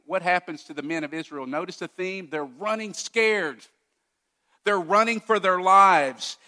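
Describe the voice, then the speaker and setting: A male pastor preaching a sermon with emphatic delivery, swinging from loud declarations to hushed asides. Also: sits high.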